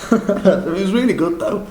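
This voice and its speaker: A young man with a Liverpool accent, recapping a drama school audition in a rambling, excitable, self-deprecating way with lots of restarts. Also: sits high, takes it slowly, reverberant, poor audio. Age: young adult. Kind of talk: casual vlog recap.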